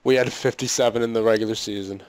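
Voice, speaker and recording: A man's voice: lowish voice, fairly even intonation, quick pace, darkish tone, no room sound. A man doing let's-play commentary on a hockey video game, exasperated and pleading with his team, often laughing and sighing. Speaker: gaming commentator.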